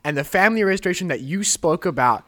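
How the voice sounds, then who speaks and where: A young man with a fairly high voice tells a faith testimony on a podcast. He speaks earnestly and with animation, acting out the prayers he recalls. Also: fast talker. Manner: earnest, animated storytelling, quoting prayers aloud. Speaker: podcast host. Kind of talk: emotional testimony in a casual chat.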